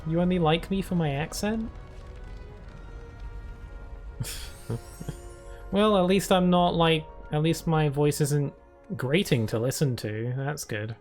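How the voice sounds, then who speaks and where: A man's voice: on the high side, unhurried, a little mellow, faint music behind. A British man streaming a video game, chatting and rambling through casual commentary with frequent giggles.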